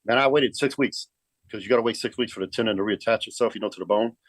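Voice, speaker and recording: Fast-talking man, profane storyteller. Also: lowish voice, no echo. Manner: profane, keeps saying man. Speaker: guest, pro bodybuilder. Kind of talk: casual storytelling.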